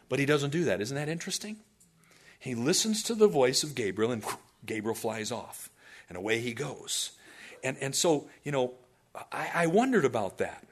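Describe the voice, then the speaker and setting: A man's voice: medium pitch, big pitch swings, moderate pace. A male pastor preaching a sermon, telling stories animatedly with asides to the congregation.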